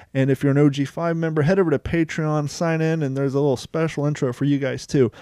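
A male podcast host talking in a chatty, rambling way and pitching offers with sales energy. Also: a little mellow, dry recording, studio quality. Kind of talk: casual podcast chat and ad reads.

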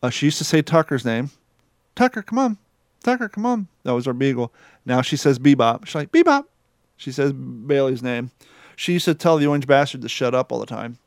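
A man's voice: medium pitch, fairly even intonation, fairly quick, gravelly, no room sound, studio quality. A man in a casual chat who rambles through his stories and swears freely.

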